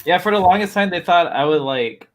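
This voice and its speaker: A man's voice: high voice, lively intonation, fairly quick. A man chatting casually on a stream, easygoing and laughing. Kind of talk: casual chat.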